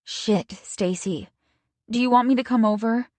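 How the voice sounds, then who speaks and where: A woman's voice: fairly high pitch, a little slow, a little mellow, dry recording, pitched above the performer's own voice, natural voice. A woman voicing a caring best friend in an audiobook, with a raised voice that sounds concerned and sympathetic.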